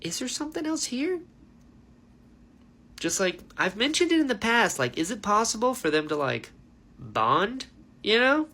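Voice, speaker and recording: A man giving a casual, animated book reaction, ranting with lots of fillers. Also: high voice, measured pace, pauses often. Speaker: book reviewer.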